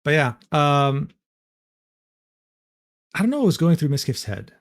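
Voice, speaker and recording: Young male streamer, animated mid-range voice, incredulous and profane. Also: on the high side, unhurried. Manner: incredulous, swearing, laughs often. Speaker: streamer reacting to a clip. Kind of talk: casual reaction commentary.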